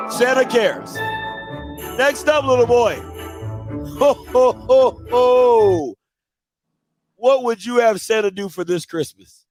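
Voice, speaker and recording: A jolly mall Santa, played by a man who keeps ho-ho-ing and laughing. His voice sits high and swoops wildly while he speaks slowly. Faint music plays behind him. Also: heavily acted. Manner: ho-ho-ing, cracking up. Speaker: host. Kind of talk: comedy skit.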